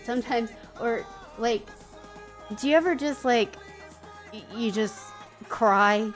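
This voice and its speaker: A woman's voice: fairly high pitch, takes it slowly, long pauses. A woman streamer in a casual livestream chat, chatty and giggly, rambling with fillers. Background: soft background music.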